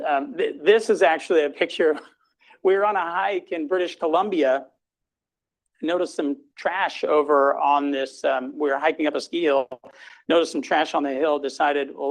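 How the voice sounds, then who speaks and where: In a hospital lecture room, a middle-aged man with a somewhat high voice gives a grand rounds talk and takes questions. He speaks informally, with many fillers and restarts, and the recording quality is low.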